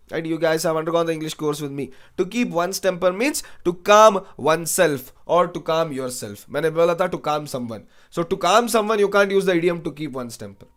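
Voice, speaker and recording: A young man teaching an online exam-prep lecture, repeating phrases and asking "right?" after most lines, with Hindi asides. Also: fairly high pitch. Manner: mixes English with Hindi asides. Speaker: educator.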